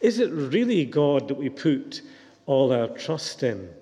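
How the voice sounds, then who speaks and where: A man's voice: mid-range voice, very animated, takes it slowly, dark tone, big-room sound. A man preaching a sermon in a reflective, questioning manner.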